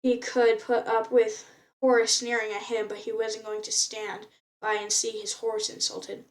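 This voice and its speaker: A woman's voice: medium pitch, little pitch movement, moderate pace, distant mic. A woman reading a novel aloud in an unpolished way, often stumbling and restarting words. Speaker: reader.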